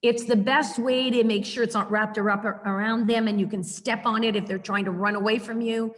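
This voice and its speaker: A woman's voice: a little high, fairly even intonation, brisk, long reverb tail. A woman dog trainer teaching a webinar over a video call, practical and demonstrating the tones she uses.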